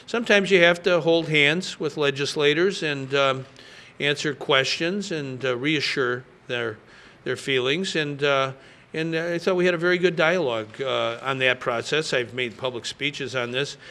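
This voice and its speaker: Governor at a press conference: man in his sixties, slightly high, bright, forceful delivery, folksy and emphatic, lots of "uh". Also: steady tone, unhurried. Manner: folksy, emphatic, frequent fillers. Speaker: state governor.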